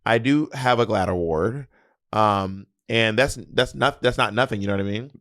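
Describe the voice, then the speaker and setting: A man co-hosting a podcast in casual chat, teasing and quick to laugh, earnest when talking about his goals. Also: on the low side, a bit bright, no echo, studio quality. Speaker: podcast co-host.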